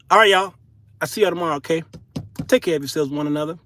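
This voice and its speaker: A middle-aged man hosting his own show in a solo monologue, turning from preachy sermonizing to folksy comic storytelling with shouted punchlines. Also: a little high, fast talker, long pauses. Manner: folksy, casual speech. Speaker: show host.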